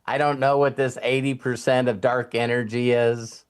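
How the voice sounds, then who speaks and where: A man's voice: medium pitch, flat delivery, normal speed, clean tone. A man hosting a casual group talk, rambling with many fillers. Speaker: host and coach.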